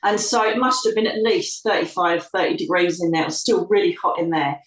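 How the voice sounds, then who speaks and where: Animated British woman storyteller, echoey and distant. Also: fairly low pitch, brisk. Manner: animated storyteller, acts out quoted voices. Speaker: psychic medium guest. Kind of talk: emotional storytelling interview. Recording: echoey room, distant from mic.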